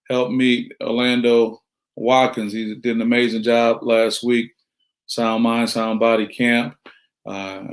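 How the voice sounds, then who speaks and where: A middle-aged man with a mid-range, fairly bright voice gives a motivational talk. He is preachy, fond of rhetorical questions, and greets listeners by name.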